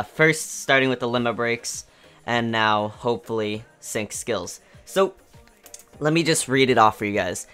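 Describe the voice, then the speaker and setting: A mid-pitched man with a smooth, clean voice hosts a gaming channel, buzzing with excitement as he rambles through news. He fills gaps with lots of ums and uhs while faint music plays behind him. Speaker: gaming YouTuber. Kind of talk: excited game news commentary. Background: faint background music.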